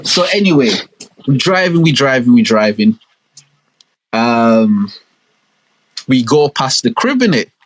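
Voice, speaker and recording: A young man telling a story on a podcast, animated and full of street slang. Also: medium pitch, measured pace, long pauses, rough recording. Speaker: podcast co-host. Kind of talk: casual storytelling chat.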